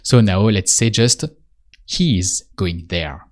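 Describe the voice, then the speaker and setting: A man giving a spoken language lesson, patiently repeating prompts and pausing for the listener to answer. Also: low voice. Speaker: French teacher.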